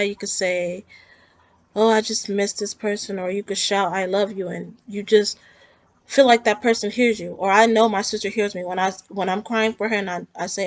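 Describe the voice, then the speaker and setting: A woman speaks in a heartfelt, rambling way, circling back on her words as she talks through her own grief. Her voice sits at an ordinary middle pitch. The sound is dry and close, with no room echo. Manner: earnest, rambling, emotional. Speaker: vlogger. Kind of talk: personal talk to camera about grief.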